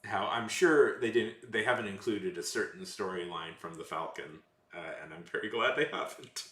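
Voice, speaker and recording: A man's voice: fairly low pitch, normal speed, a bit bright. A man chatting casually with his live chat while streaming, rambling with self-corrections and sarcastic asides. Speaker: livestreamer. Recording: roomy echo.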